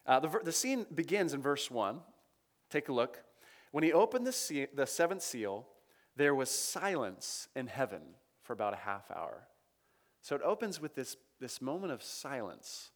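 A man's voice: medium pitch, very animated, moderate pace. A man preaching a sermon, teaching through scripture in a conversational way, reading verses aloud with emphasis and checking in with his listeners.

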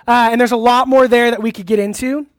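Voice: mid-range voice, steady tone, quick pace, studio quality. A youth pastor giving a casual, interactive sermon in a church hall, asking the audience questions and laughing easily. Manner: laughs easily, uses many fillers.

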